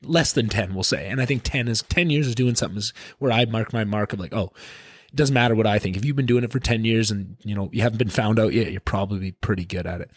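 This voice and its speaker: A man's voice: fairly low pitch, fast, husky, dry recording. A young man hosting a solo podcast, talking candidly and rambling with many fillers and restarts, swearing casually. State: tearful, emotional. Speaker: podcast host.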